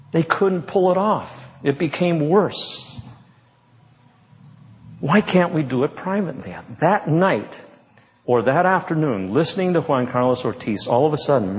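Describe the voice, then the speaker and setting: A man giving an animated, humorous storytelling talk, speaking conversationally to an audience. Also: mid-range voice. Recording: reverberant hall.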